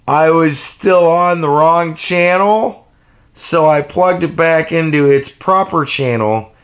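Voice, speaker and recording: A man telling a rambling, profane story in a casual vlog rant. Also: on the high side. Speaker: vlogger.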